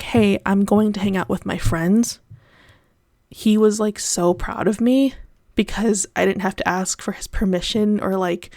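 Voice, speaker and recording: A woman's voice: medium pitch, vocal fry, darkish tone, no room sound, clean studio sound. A young adult woman hosting her podcast, talking in a candid, rambling and tangential personal monologue. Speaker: podcast host.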